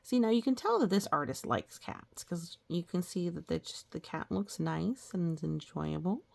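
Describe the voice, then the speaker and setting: A woman reading old children's rhymes aloud, stopping to gently explain the lessons and pictures. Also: on the low side, animated, normal speed, gravelly.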